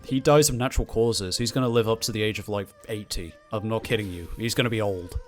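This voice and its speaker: A man's voice: on the low side, fast talker. A man co-hosting a video game let's play, wry, grumbling and cursing in mock despair. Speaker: co-host. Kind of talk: casual gameplay commentary. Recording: game music behind. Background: game music.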